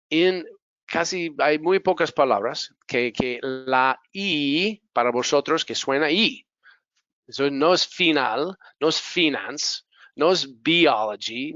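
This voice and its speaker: Man modeling pronunciation slowly. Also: a little high, a bit bright, no echo. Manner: repeats words to model pronunciation, mixes in Spanish asides. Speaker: English pronunciation teacher. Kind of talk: classroom lesson. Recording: dull lo-fi dry recording.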